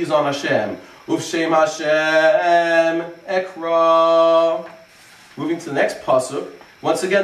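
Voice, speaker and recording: A rabbi explaining the cantillation of verses in a relaxed lesson, pausing to chant phrases as examples. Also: male voice, medium pitch, recorded from a distance. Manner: explains slowly, then chants phrases to demonstrate. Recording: echoey room, voice from off-mic.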